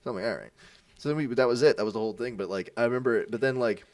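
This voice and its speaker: A man's voice: mid-range voice, very fast, recorded from a distance. A young man in his twenties, a podcast co-host, telling a casual story and acting out the voices in it, with plenty of swearing. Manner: animated, acts out voices in his stories, swears freely.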